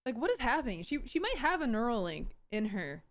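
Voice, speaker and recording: A woman's voice: on the high side, big pitch swings, a little fast. A woman streamer giving live reaction commentary, ranting sarcastically with lots of fillers and restarts. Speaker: streamer host.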